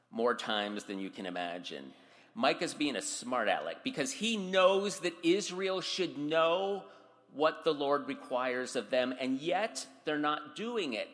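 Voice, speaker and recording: Man preaching in a bright, echoing hall. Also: mid-range voice. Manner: dramatic, voices scripture with raised intensity. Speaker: pastor. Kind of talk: sermon.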